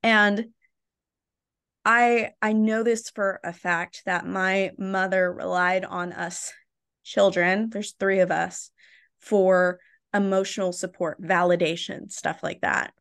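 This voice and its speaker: A young adult woman speaks as a podcast guest, open and animated as she recounts her story. Her voice sits at an everyday middle pitch. She keeps checking in with "right?" and filling with "like". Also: takes it slowly, vocal fry, clear, resonant tone. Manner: animated, tags points with "right?" and "like". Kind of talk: candid storytelling in a podcast conversation.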